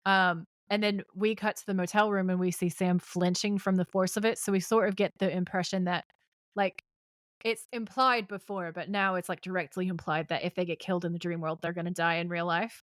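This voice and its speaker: A woman with a fairly low voice walks through a TV episode scene by scene. She reads out the dialogue and drops casual asides as she goes. The sound is dry and close. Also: little pitch movement, a little fast, no echo. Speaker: podcast co-host.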